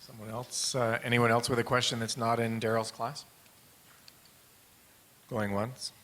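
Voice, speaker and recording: A man moderating audience questions, speaking in a brisk, practical way. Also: medium pitch, level tone, a bit bright. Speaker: event moderator.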